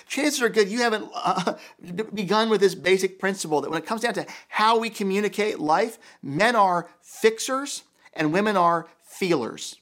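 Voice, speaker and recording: A man's voice: high voice, moderate pace, fairly bright tone. A man preaching a sermon as pastor, emphatic and repeating key phrases for weight.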